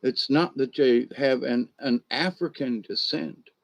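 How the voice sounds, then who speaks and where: A man's voice: medium pitch, measured pace, no room sound. A man talking in a casual, rambling monologue, often restarting sentences and acting out imagined conversations. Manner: rambling, acts out imagined back-and-forth conversations; many restarts and repeated words. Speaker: commentator.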